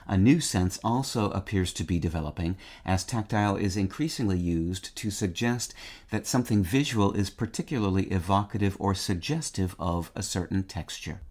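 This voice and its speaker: Deep-voiced man reading a word of the day. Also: a little mellow. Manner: measured, precise, spells words letter by letter. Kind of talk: scripted dictionary podcast reading.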